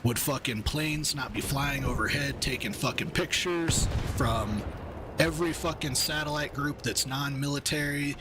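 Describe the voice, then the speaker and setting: A man's voice: mid-range voice, normal speed, very noisy. A man, angry and steamed up, ranting profanely and rambling in casual chat while streaming a game. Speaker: gaming streamer.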